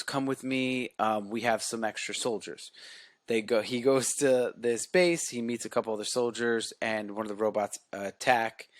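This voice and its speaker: A man's voice: on the low side, no room sound, studio quality. A man co-hosting a podcast, casually retelling scenes from a show and acting out the lines. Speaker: podcast co-host. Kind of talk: casual movie recap chat.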